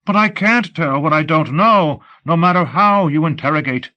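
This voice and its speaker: Fields: man voicing a terrified man pleading innocence. Tone: high, shrill. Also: lively intonation, normal speed, pushed and bright, lo-fi sound. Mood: panicked. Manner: pleading, shrill with panic, stammering. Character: panicked male tourist accused of spying, desperate. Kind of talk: audiobook reading.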